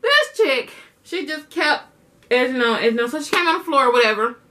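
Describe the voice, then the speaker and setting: A woman's voice: high voice, brisk, background noise. A young woman vlogger telling a storytime to her camera in a casual, slangy way, acting out both sides of an argument. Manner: animated, slangy, acts out the dialogue.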